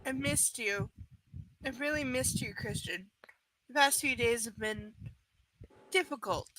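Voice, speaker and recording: A woman's voice: a little high, unhurried, fairly bright tone, a little hiss or hum, pitched below the performer's own voice, rough recording. A woman reading a heartbroken, hesitant young woman. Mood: longing.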